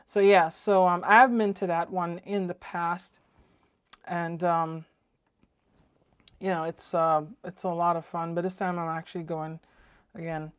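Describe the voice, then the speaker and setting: A woman's voice: lowish voice, level tone, a little slow, long pauses, clean tone, dry recording. A woman hosting her own ham radio live stream, chatting casually and rambling with lots of fillers. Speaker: ham radio channel host. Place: home radio shack.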